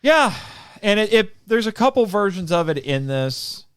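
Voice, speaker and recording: A man hosting a casual podcast chat, playful, and quick to correct himself. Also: high-pitched, very animated, a bit bright, clean tone, dry recording, studio quality. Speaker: podcast host.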